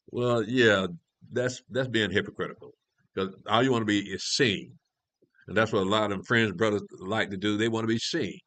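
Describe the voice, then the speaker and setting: Low-voiced man teaching scripture. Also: steady tone, moderate pace, a bit bright, no room sound. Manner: conversational, restarts often, asks rhetorical questions. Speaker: elder teaching a prophecy class.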